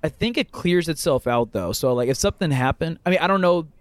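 A young man rambles through a joke with plenty of filler words, his voice slightly high for a man. The sound is dry and close, with no room around it. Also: animated, quick pace, no echo. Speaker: podcast co-host. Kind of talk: casual comedic chat.

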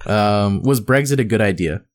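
A man's voice: lowish voice, animated, normal speed. A young man in a casual comedic debate, talking in a dry, playful way.

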